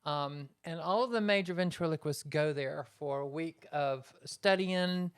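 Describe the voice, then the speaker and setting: A woman's voice: low-pitched, measured pace, clean tone. A woman ventriloquist in a casual interview, telling her story in a rambling way with lots of fillers.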